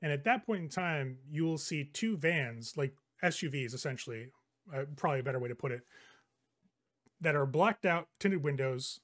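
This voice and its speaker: A man's voice: a little high, lively intonation, moderate pace, fairly bright tone. A man narrating as game master of a tabletop role-playing game, describing scenes loosely with fillers.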